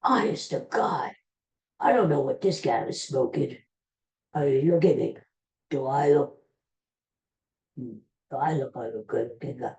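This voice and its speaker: A middle-aged man rambles through a casual story, poking fun at himself. His voice is soft and mellow. The recording has a roomy echo. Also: mid-range voice, lively intonation, unhurried, creaky, pauses often. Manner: rambling, self-deprecating humor. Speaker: podcast host.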